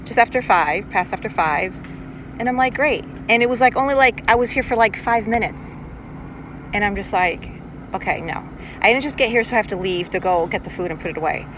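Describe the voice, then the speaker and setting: This is a poor-quality outdoor recording from a lake, where passing boats add noise behind a middle-aged woman's podcast monologue. Her voice is medium-pitched and a little bright as she rambles casually from her paddleboard, chatting and reflecting on herself.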